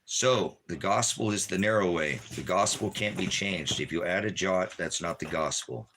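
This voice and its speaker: A man preaching an informal home sermon with fervent delivery that swings from low murmurs to shouted warnings. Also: moderate pace, noisy background.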